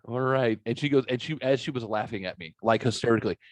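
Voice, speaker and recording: A man's voice: mid-range voice, quick pace, dry recording. A man hosting a podcast, talking in a profane, rambling, self-mocking way. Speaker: podcast host. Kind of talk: casual podcast banter.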